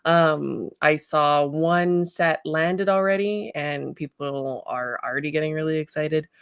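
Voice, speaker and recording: A woman's voice: low voice, unhurried, clear, resonant tone, no room sound, studio quality. A woman hosting a casual livestream, chatting, laughing and greeting viewers by name. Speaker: livestream host.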